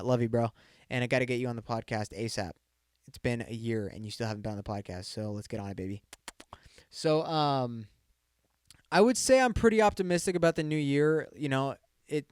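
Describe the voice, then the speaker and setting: A man in his mid-twenties rambles through a casual solo podcast and swears freely. His voice is smooth and mid-pitched. It sits dry and close on the mic. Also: dry recording. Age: 20s. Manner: rambling, swears a lot, says "dude" often. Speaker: podcast host.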